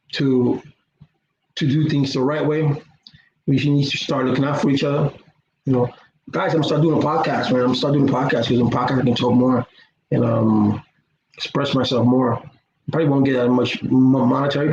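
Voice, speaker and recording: This middle-aged YouTuber's voice sits at medium pitch with a darkish tone. In his rambling, casual vlog he often repeats himself and sounds earnest and preachy. The audio is roomy and dull, lo-fi with a faint hiss of noise.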